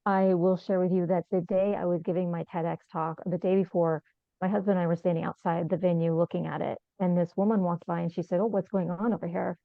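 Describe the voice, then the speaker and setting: Middle-aged woman on a panel, earnest and animated, gravelly low voice, tinny dry call audio. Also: brisk, no echo. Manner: earnest, animated, repeats herself. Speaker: panelist, survivor advocate. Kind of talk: casual panel discussion. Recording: tinny, phone-like video call sound, dry.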